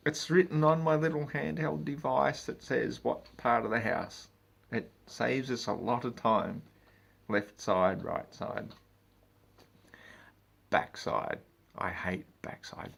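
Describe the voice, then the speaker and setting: A man's voice: mid-range voice, very animated, slow, gravelly. A man, ranting in a vlog about his work as a meter reader, swearing and exasperated.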